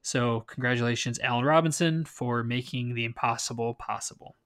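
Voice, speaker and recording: A man's voice: medium pitch, brisk, a bit bright. A man co-hosting a casual fantasy football podcast, talking with dry sarcastic humor while he has the hiccups. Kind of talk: casual sports chat.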